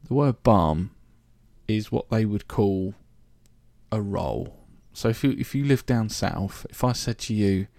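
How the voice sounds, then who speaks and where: A man's voice: on the low side, animated, measured pace, darkish tone, no echo. A man from London with a London accent, hosting a solo podcast in a chatty, joking, rambling way. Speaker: podcast host. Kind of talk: casual solo podcast monologue.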